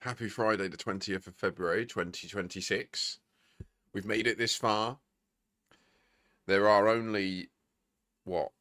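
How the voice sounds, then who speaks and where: A man's voice: lowish voice, steady tone, unhurried, pauses often, fairly bright tone, no echo, clean studio sound. A man, chatting casually with viewers on a game stream and laughing often. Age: 30s. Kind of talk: casual live-stream chat.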